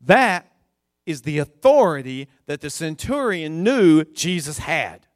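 A man preaching with a slightly high voice, taking his time over every phrase. He builds to loud, emphatic peaks as he drives a point home, recorded close and dry. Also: sing-song, no room sound. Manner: slow, deliberate preaching that swells to emphatic peaks. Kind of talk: sermon.

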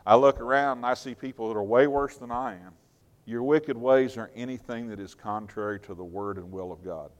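A man preaching a sermon with earnest emphasis, swinging between loud and soft and chatting in asides. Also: mid-range voice, a little fast.

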